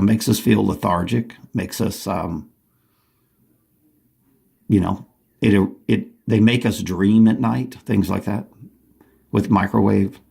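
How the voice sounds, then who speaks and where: A man's voice: on the low side, vocal fry, a little mellow, husky. A man delivering an urgent, agitated monologue from home, often restarting his sentences. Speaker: vlogger. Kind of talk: rambling monologue to camera.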